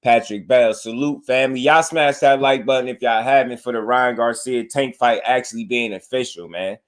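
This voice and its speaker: Man, young adult, livestream host, casual chat, animated, slangy, mid pitch. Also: moderate pace.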